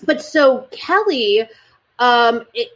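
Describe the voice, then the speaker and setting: A woman's voice: a little high, lively intonation, takes it slowly, a bit bright. Blunt, chatty woman comedian. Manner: chatty and blunt, with strong opinions. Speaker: comedian guest. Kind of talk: casual chat. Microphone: video call.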